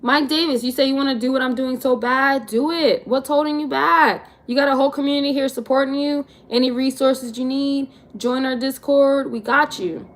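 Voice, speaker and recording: A woman in her twenties with a high voice speaks at normal speed with few pauses and fairly even intonation. She's a vlogger on a livestream, casually answering her live chat in a relaxed, slangy manner.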